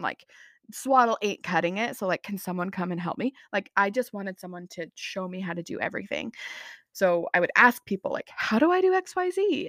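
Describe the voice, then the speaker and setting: A woman's voice: medium pitch, a bit bright, dry recording, clean studio sound. Chatty young woman rambling on a podcast. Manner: rambling, chatty, self-mocking. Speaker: podcast host. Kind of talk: casual chat.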